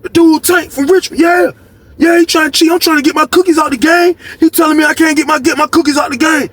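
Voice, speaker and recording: A belligerent young hothead, as a man puts him on, yelling in a voice pushed far above his normal one. He sounds out of control, shouting and close to breathless as he argues. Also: extremely high pitch, steady tone, quick pace, dry recording, voice pushed up. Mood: indignant.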